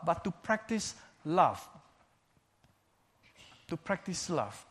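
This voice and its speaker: A man delivers a sermon in a measured, emphatic way. He leans on repetition, saying key phrases twice for weight. His voice sits a little higher than most men's. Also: sing-song, fairly bright tone, husky. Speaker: preacher.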